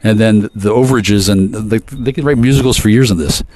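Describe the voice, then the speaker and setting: A man's voice: on the low side, brisk, a little mellow. A man ranting at length to his viewers, profane and aggressive, with frequent stammering restarts. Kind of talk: rambling profane rant to camera.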